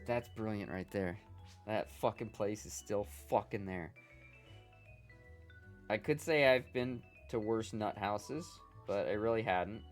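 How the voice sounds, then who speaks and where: This is a middle-aged man chatting to his stream audience, his pitch leaping around as he tells a story. He swears constantly and circles back on himself, restarting sentences as he goes. Faint music plays beneath him. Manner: profane, rambling storytelling with many restarts. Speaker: gaming livestreamer. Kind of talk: casual chat with viewers.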